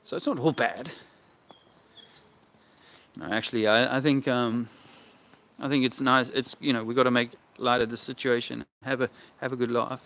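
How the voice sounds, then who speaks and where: A livestream vlogger walks outdoors, chatting wryly and rambling. His mid-range voice is a bit bright with fairly even intonation and a moderate pace. The lo-fi outdoor sound is dull, with faint noise.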